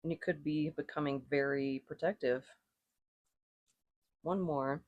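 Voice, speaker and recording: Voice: mid-range voice, fairly even intonation, measured pace, dry recording, lo-fi sound. A tarot and rune reader chatting casually to viewers, thinking aloud, correcting themself and chuckling now and then. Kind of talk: casual spoken reading to viewers.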